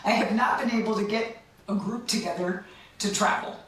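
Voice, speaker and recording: A woman's voice: mid-range voice, moderate pace, slight background noise. A middle-aged woman guest chatting casually and enthusiastically, laughing often and trailing off mid-sentence. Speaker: podcast guest. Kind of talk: casual chat. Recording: echoey, distant from the mic.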